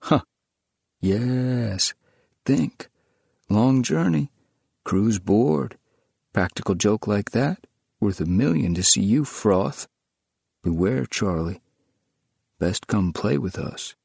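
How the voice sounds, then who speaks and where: A man voicing a mocking male tormentor who taunts from the dark. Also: fairly low pitch, lively intonation, slow pace, gravelly, long pauses, slightly rough, no room sound, exaggerated voice. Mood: taunting. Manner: taunting, insinuating.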